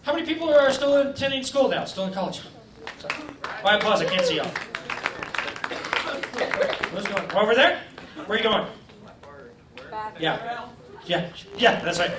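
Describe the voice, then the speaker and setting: A man's voice: high-pitched, lively intonation, moderate pace, long pauses, distant mic, noisy background. A man doing a stand-up set in a comedy club, teasing the crowd with crude jokes. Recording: roomy club taped from afar, loud crowd.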